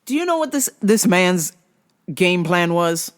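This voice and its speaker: A podcast host ranting casually about fights, swearing a lot and getting heated and excitable. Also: a little slow. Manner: wide, jumpy pitch swings when worked up. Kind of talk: casual solo rant podcast.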